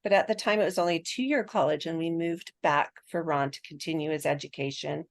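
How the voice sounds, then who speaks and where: A woman's voice: sits low, brisk. A woman in her sixties, a podcast guest, telling her birth story in a chatty way and laughing often.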